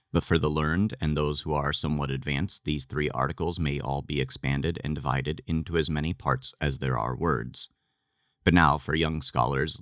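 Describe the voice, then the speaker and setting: A man giving a measured, deliberate scripted reading of a religious text. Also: very deep voice, a bit bright, no room sound, clean studio sound. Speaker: reader.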